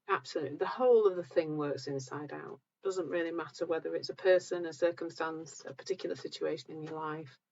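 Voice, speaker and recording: A middle-aged woman hosts a live stream, answering viewers in a calm, gentle, reassuring way. Her lowish voice is husky with plenty of creaky fry, and she sounds somewhat tired. The sound is dull and lo-fi. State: tired, low energy. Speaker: host of a live session.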